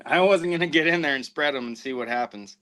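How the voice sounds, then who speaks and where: Man, podcast host type, animated storyteller with a bright forceful tone, quotes people as he goes. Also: on the high side, fast, low-quality recording. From southwestern United States. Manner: animated anecdote-telling with acted-out quotes. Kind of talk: casual storytelling.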